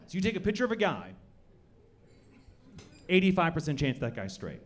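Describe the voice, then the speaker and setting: A young man doing a stand-up comedy set, with deadpan delivery that breaks into loud shouted bits. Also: a little high, normal speed, pauses often. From Colorado. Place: comedy club stage. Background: audience laughter.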